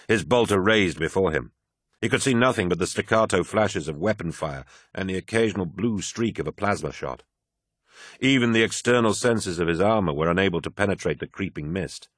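Deep, forceful male audiobook narrator. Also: no echo, studio quality. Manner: steady, dramatic reading.

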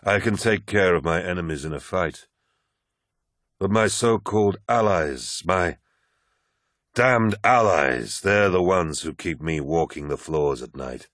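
A weary, wounded male warlord, voiced by a male narrator speaks with grave authority in a deep, low register. His tone stays heavy and commanding. The recording is dry and close, like a studio audiobook. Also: expressive, measured pace, fairly bright tone, dry recording.

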